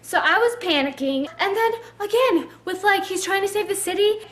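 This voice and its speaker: Woman reviewing books with a high voice, an eager, rambling vlogger. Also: expressive, moderate pace, fairly bright tone. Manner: gushing, chatty, lots of "like" fillers. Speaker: book reviewer. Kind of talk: casual book review vlog.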